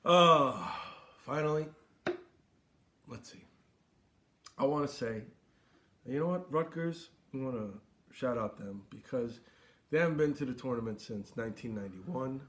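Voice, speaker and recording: A man's voice: medium pitch, measured pace, pauses often, pushed and bright. A young man hosting a comedic sports recap, boisterous and theatrical, with playful bits and mock toasts. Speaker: sports show host.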